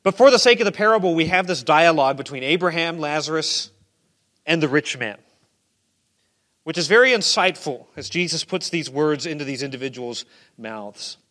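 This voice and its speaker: A man preaching a sermon in a conversational way, dropping to quiet asides and rising to loud emphasis. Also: a little high, lively intonation, normal speed. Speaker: pastor.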